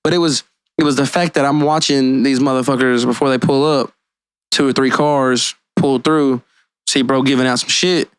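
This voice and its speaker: A man co-hosting a podcast in casual chat, telling stories in a profane, animated way. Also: medium pitch, normal speed, clear, resonant tone, dry recording. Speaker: podcast co-host.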